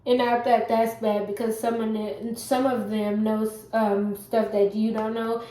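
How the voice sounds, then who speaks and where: A woman's voice: fairly high pitch, level tone, a little slow, dark tone. A woman with a stuffy, congested voice, chatting casually to camera and rambling with many fillers and self-corrections. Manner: does her hair while talking. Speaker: vlogger giving work-from-home job advice. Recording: echoey room.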